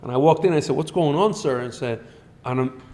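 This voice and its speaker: A middle-aged man, a doctor guest on a podcast, telling animated patient stories in a blunt, profane way. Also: medium pitch, fast. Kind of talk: storytelling in a podcast interview.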